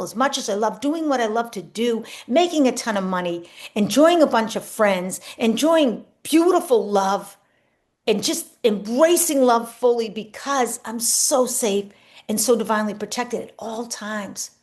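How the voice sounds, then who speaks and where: A woman spiritual coach talking casually to camera in an earnest, reflective way, sometimes slipping into soft spoken affirmations. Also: mid-range voice, expressive, a little slow.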